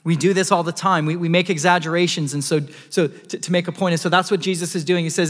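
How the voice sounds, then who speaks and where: A man's voice: on the high side, fairly even intonation, quick pace, hardly any pauses. Man preaching in a reverberant hall. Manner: earnest preaching with repeated restarts. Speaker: pastor. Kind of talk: sermon.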